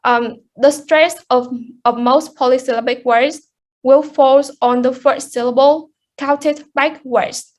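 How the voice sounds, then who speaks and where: High-voiced young woman presenting in class. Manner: hesitant, many fillers and restarts. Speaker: student presenter.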